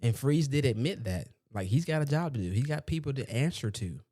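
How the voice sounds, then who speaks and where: A man gives animated solo commentary for a sports podcast. He fires rhetorical questions and chuckles at his own points, in a mid-pitched voice. The recording is close and dry, with no room sound. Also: brisk, dry recording.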